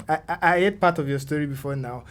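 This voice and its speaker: A man's voice: on the high side, quick pace, a bit bright. A man with a Nigerian accent hosting a podcast, who encourages his guest, laughs often and asks long questions. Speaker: podcast host. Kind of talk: podcast interview.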